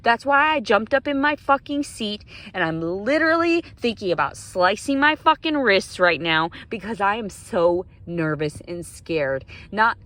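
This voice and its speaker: A woman's voice: medium pitch, lively intonation, a little slow, few pauses, fairly bright tone. Agitated, profane woman venting. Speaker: vlogger. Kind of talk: emotional vlog rant.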